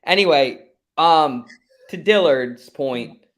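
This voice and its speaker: Bright-voiced rambling podcast guy. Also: fairly high pitch, expressive, takes it slowly. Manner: rambling, hedging, thinks out loud. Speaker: podcast co-host. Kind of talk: casual sports podcast chat.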